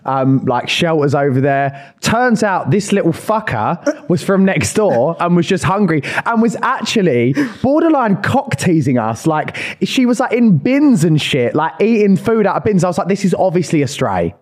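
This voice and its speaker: A man's voice: high-pitched, very animated, moderate pace, hardly any pauses. Young man chatting on a podcast. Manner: chatty storyteller, swears casually. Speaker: podcast co-host. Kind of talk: casual chat. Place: podcast studio.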